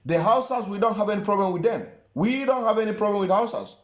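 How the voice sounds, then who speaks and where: Igbo-accented male commentator, high animated voice, repeats himself for emphasis, muffled echoey room. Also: fast talker. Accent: Nigerian Igbo. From southeastern Nigeria. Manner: emphatic, repeats phrases for stress. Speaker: online commentator. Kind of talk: impassioned social media commentary.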